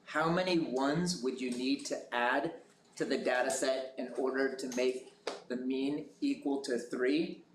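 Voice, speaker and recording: A man moderating a school quiz bowl, reading questions slowly and carefully. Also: medium pitch, fairly even intonation. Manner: slow, measured question reading. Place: school classroom. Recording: echoey room with noise.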